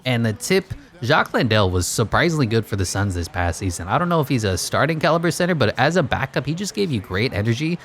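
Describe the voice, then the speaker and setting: A man calls a video game match like a sports announcer, but with a dry, teasing edge. His pitch sits in an ordinary middle range. The delivery keeps slipping into mock-serious announcer phrasing. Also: sing-song, fast, fairly bright tone, soft background music. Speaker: gaming YouTuber. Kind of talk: sarcastic play-by-play game commentary.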